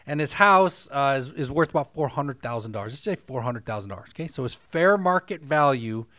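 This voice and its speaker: A man's voice: mid-range voice, brisk, no echo. A man hosting a casual chat, telling an example story and often checking in with "okay?". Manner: animated, checks in with listeners often. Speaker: podcast host, real estate coach.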